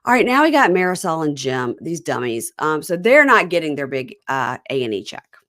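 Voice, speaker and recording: A woman's voice: low voice, big pitch swings, a little fast, fairly bright tone. A woman hosting a podcast, chatting casually and retelling scenes from a reality show at length. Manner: retells scenes at length, quoting cast members. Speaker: podcast host.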